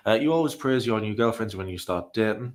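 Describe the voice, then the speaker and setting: A man's voice: on the low side, lively intonation, fast talker. A man casually reacting to video clips and reading out comments, rambling and self-deprecating with frequent sighs.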